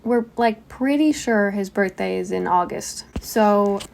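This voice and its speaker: Wry, gravelly woman podcast host. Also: medium pitch, measured pace, darkish tone, a little hiss or hum, rough recording. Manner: wry, teasing, laughs often. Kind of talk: casual podcast chat. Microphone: headset.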